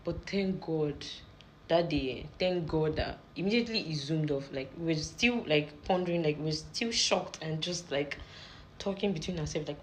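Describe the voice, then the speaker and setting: A young Nigerian woman with a Nigerian accent telling a rambling, animated story in casual storytime style. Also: low voice, normal speed, a little hiss or hum, poor audio. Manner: rambling, animated retelling with repeated phrases.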